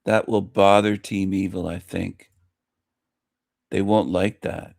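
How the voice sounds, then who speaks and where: A man's voice: deep voice, flat delivery, slow pace, gravelly, a little mellow, no echo, clean studio sound. A man hosting a casual livestream, repeating phrases in a gleeful, mocking way. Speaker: livestream host.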